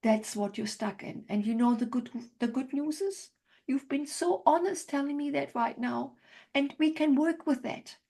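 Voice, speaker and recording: A woman couples therapist demonstrating a session to a group, speaking gently and checking in often to validate what she hears. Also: high voice, normal speed, vocal fry.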